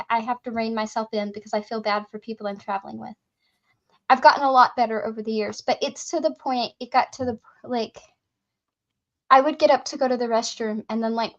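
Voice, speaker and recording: A woman chatting casually, telling lively anecdotes full of fillers and acting out the people she talked to. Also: a little high, dull audio. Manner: lively anecdotes, frequent fillers, acts out both sides of dialogue. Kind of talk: casual storytelling chat.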